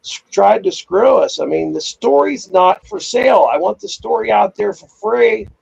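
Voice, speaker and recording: A man hosting a casual chat, telling animated, profane stories and acting out quotes. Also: high voice, moderate pace, creaky, slightly rough, no echo, dull audio. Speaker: podcast host.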